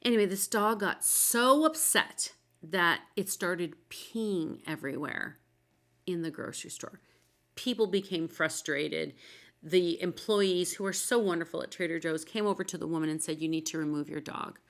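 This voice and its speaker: A woman with a slightly low voice talks casually as the host of a show about dogs. She chats through stories and acts out what other people said. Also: moderate pace, fairly bright tone. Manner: chatty, anecdotal, acts out quoted people. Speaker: podcast host, dog expert. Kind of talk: casual solo talk.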